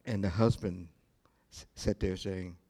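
Low-voiced male pastor preaching slowly. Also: fairly even intonation, mellow. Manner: storytelling, slow and deliberate with pauses. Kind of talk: sermon.

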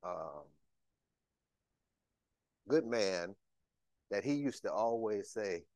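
A middle-aged deacon preaches in a low, dry voice, folksy and talking straight to the congregation. He is emotional, tearful at times, and keeps things personal and conversational. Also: expressive, extremely slow, darkish tone, dry recording. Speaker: church deacon. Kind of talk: sermon.

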